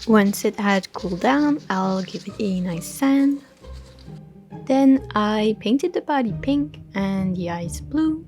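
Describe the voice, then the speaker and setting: A woman narrating a craft tutorial in a relaxed voice-over, with dry, understated humor. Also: mid-range voice, takes it slowly, soft background music. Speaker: crafting channel host.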